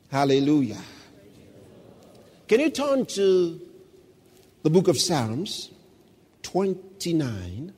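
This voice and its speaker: A man preaching a sermon, moving from calm Bible teaching to loud shouts of praise. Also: a little high, slightly rough, big-room sound. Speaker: pastor.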